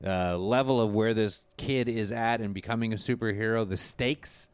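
Deep smooth man in easy film chat. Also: steady tone, moderate pace, dry recording. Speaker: podcast co-host. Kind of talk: casual movie review chat.

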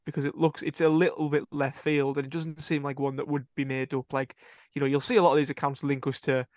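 Man, casual podcast chat, self-correcting, laughs at his slips, slightly high, dry sound. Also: level tone, quick pace, a little mellow, dry recording. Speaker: podcast co-host reading transfer rumours.

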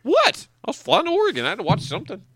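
A man trades teasing jokes with his co-host about movies. His voice is bright and swings widely in pitch. The sound is dry and close. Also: wildly swooping pitch, racing, breathy edge, no echo. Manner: teasing, joking banter. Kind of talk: casual movie chat.

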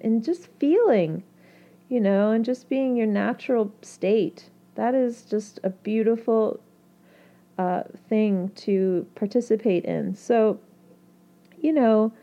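A woman hosting an astrology talk, speaking gently and reassuringly to her listeners, with casual fillers and restarts. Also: mid-range voice, lo-fi sound. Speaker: astrology podcast host.

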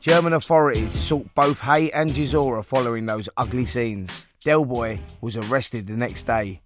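A man giving scripted documentary narration in a measured, formal storytelling manner. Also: mid-range voice, over music.

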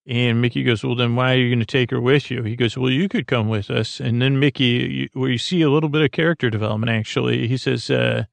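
A man hosting a podcast, recapping an episode in a halting, low-key way with many fillers. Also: fairly even intonation, creaky, dry recording. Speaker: podcast host.

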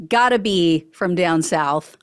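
A woman's voice: lowish voice, smooth, no room sound, clean studio sound. A woman hosting a political news commentary show, talking casually with sarcasm and frequent laughter.

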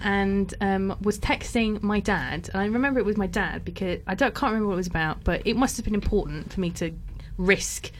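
A young woman chatting casually and telling a story. She laughs often and strings her sentences with fillers like "like" and "kind of". Her pitch sits in a mid range. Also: brisk, hardly any pauses, slight background noise. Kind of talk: casual chat.

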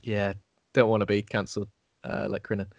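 A man's voice: fairly low pitch, flat delivery, brisk, creaky, no room sound. A man co-hosting a casual film chat, joking and slipping into silly voices. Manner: jokey, slips into silly voices. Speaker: podcast co-host.

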